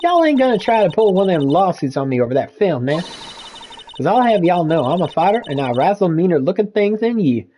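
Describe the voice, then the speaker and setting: A woman voicing a loud, nosy Southern woman photographer with an exaggerated put-on Southern drawl, folksy and bossy. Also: lowish voice, very animated, brisk, slight background noise. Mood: brash.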